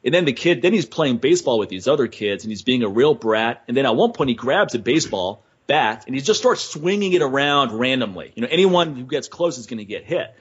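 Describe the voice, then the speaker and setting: Husky podcast host guy telling stories, blunt, muffled lo-fi sound. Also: medium pitch, lively intonation, brisk, few pauses. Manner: storytelling, blunt, laughs between points. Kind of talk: casual podcast chat. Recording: dull lo-fi audio.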